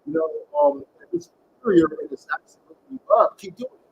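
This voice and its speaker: High, gravelly man giving tarot readings. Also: very animated, brisk, a little mellow, lo-fi sound. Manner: slangy, encouraging, calls viewers baby. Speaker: tarot reader. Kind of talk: live-streamed tarot reading.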